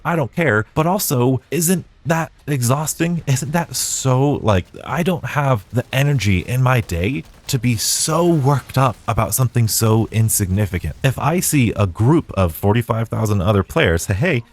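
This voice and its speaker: A young man hosting a casual solo podcast, talking in an animated, rambling way with frequent restarts. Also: medium pitch, fairly quick, no echo. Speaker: podcast host.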